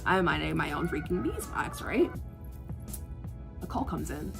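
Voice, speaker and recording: A young woman vlogger telling a work story in casual chat, animated and exasperated, with lots of filler words and sighs. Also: deep voice, measured pace, creaky, over music. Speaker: art vlogger.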